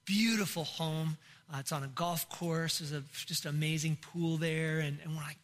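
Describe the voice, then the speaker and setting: A middle-aged man, a pastor, telling a comic story in a sermon, animated and bursting into shouts. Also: fairly high pitch, normal speed.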